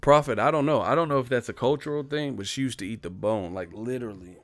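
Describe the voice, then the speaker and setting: With faint music behind him, a young male livestream host talks at a quick pace in a medium-pitched voice, close to the mic. He rants casually for comic effect, swapping profane stories with chat names he reads out, and laughs loudly.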